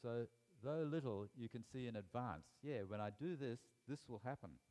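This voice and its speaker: A man's voice: medium pitch, animated, moderate pace, mellow. A man preaching a sermon to his congregation, reading scripture aloud and speaking to the people in the room. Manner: reads scripture aloud, then talks with the congregation. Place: church hall. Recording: hall reverb.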